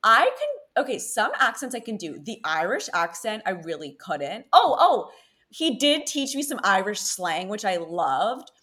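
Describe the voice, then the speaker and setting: A young woman from Connecticut hosting a podcast, telling dating stories in an animated, chatty way full of "like". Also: mid-range voice, measured pace. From Connecticut, USA. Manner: chatty, animated storytelling with frequent "like". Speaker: podcast host. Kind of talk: casual chat.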